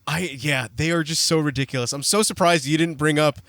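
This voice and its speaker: A man co-hosting a podcast, laid back, chiming in with quick agreement and easy chat. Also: on the high side, a bit bright, no echo, clean studio sound. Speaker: podcast co-host. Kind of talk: casual chat about music.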